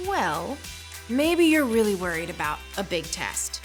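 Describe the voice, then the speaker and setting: A woman's voice: mid-range voice, sing-song, a little slow, over music. A woman presenting a children's church lesson in an upbeat, encouraging way.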